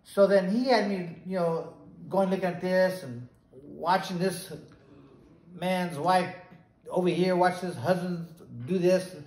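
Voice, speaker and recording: A man in his sixties, a retired boxer, telling stories in a casual, animated way and acting out the voices of the people he quotes. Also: sits high, slow pace. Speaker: retired boxer, podcast guest. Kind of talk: casual storytelling. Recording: roomy echo.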